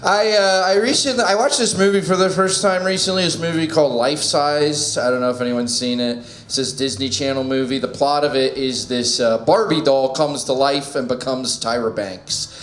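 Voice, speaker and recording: Man doing a halting, self-deprecating stand-up set. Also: mid-range voice, slight background noise. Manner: halting, self-deprecating, lots of restarts and laughing at own jokes. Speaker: stand-up comic. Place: small comedy venue indoors. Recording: roomy small-room sound.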